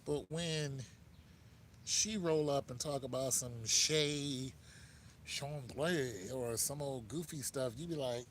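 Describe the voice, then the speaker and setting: Casual, joking American man, slightly raised pitch, advice monologue, light background noise. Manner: laid-back, joking, talks straight to the listener. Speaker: host giving dating advice.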